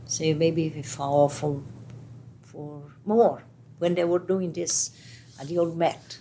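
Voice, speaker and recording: Older Italian woman with halting English. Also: low-pitched, slight background noise. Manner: animated, halting English, many restarts. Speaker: interviewee, retired opera singer. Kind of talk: casual conversational interview. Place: home apartment.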